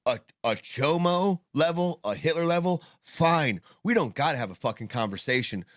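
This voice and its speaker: A man's voice: fairly high pitch, expressive, moderate pace, fairly bright tone, no room sound. Guy on a podcast mic rambling and cussing, lots of ums and restarts, tobacco in his mouth, dry sound. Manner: rambling and profane, many fillers and restarts. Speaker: podcast co-host. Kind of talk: casual podcast discussion.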